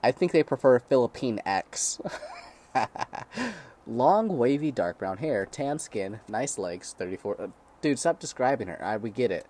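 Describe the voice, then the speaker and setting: A man's voice: medium pitch, lively intonation, unhurried, darkish tone. A young man with a crude, sarcastic manner, reading blog posts aloud and breaking off to comment and laugh.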